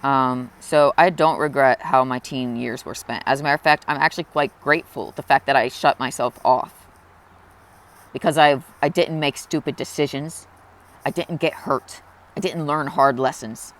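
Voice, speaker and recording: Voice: mid-range voice, steady tone, moderate pace, a bit bright. Earnest, confessional young vlogger. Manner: earnest, open and reflective; emotional, close to tears at times. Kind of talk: confessional personal vlog.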